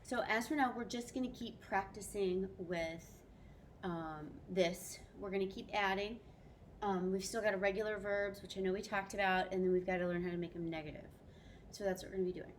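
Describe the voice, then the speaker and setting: A French teacher records an upbeat video lesson for her students, mixing French phrases into her English explanations. Her mid-range voice moves fairly quickly with fairly even intonation, over slight background noise.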